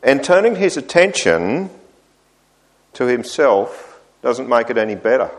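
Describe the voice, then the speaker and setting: A man preaching a sermon, voicing the psalmist's complaints with lively rises. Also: mid-range voice, a little slow.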